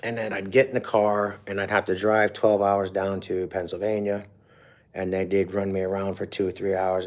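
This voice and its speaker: A man's voice: deep voice, little pitch movement, moderate pace. A middle-aged man hosting a livestream, telling a rambling personal story in a profane, emotional way. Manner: profane, emotional, with frequent fillers. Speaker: livestream host.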